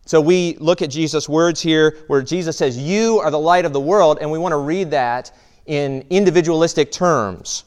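A man's voice: a little high, normal speed, clean tone. A man, a pastor, preaching a sermon in a conversational way, often checking in with "right?" and restarting phrases.

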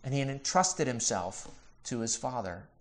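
A man preaching a sermon as pastor, earnest, building to emphatic repeated questions and dropping softly on key phrases. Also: medium pitch, lively intonation. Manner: drops to slow, soft emphasis on key phrases.

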